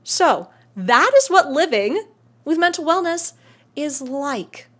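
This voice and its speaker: A woman speaker with a high voice that swoops all over the place. She talks about mental wellness casually and playfully, drops the odd swear and calls you honey, and acts out little scenes with goofy sound effects. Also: sing-song, takes it slowly. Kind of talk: casual motivational talk to camera.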